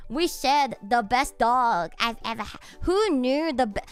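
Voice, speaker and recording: High, lively young woman streamer. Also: measured pace, clean tone, faint music behind. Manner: excitable, bursts into laughter, swears casually. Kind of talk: casual chat.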